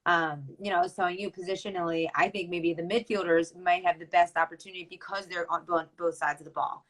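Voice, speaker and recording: Woman in her twenties, lacrosse player and coach, chatty and upbeat, lowish pitch. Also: steady tone, quick pace, a bit bright, poor audio. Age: 20s. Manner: chatty, lots of ums and restarts, upbeat. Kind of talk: casual chat.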